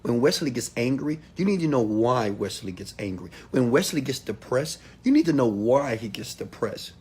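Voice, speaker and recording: A husky-voiced man delivers a motivational talk to a live audience. He preaches and calls out to the crowd, dropping from loud outbursts to near-whispered asides. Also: mid-range voice, expressive, normal speed. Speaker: motivational speaker.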